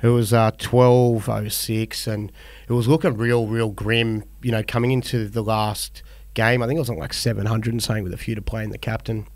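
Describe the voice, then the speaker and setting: Australian bloke rambling on a podcast. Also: male voice, on the low side, brisk, no echo. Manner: rambling, relaxed, many fillers. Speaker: podcast co-host. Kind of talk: casual chat.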